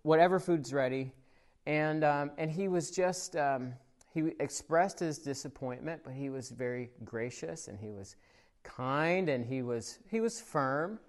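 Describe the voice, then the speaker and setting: Preaching at a church service filmed for an online audience, the pastor tells stories conversationally with frequent fillers. He's unhurried, his voice a little high, swelling with animation when excited and dropping quiet when he reflects.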